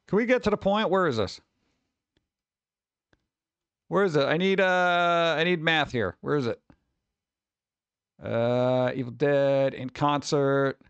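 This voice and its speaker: A man hosts a casual livestream, rambling as he chats with viewers, exclaiming and grumbling about his connection. His voice is on the high side, clear and resonant, with no room sound.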